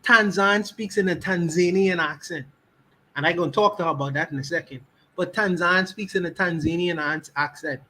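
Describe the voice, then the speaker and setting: A man's voice: high voice, moderate pace, pushed and bright, low-quality recording. A Bahamian man with a Bahamian accent, speaking on a livestream podcast and repeating his key words for emphasis.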